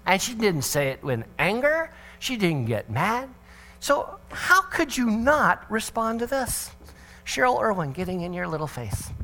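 At church, a middle-aged male pastor gives a conversational parenting talk full of jokes, acting out quotes in changed voices. He speaks high and sing-song, a little slowly, with a sharp tone.

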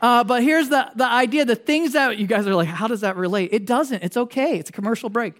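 A man's voice: extremely high pitch, brisk, fairly bright tone. A man preaching a sermon as a pastor. He talks conversationally, asks the congregation questions and jokes his way through tangents. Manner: casual, joking, wanders into tangents.

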